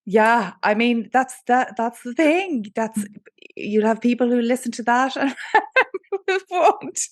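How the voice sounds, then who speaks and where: A woman's voice: a little high, lively intonation, slow, no echo, studio quality. A woman hosting a podcast, answering her guest in casual conversation with affirming reactions. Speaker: podcast host.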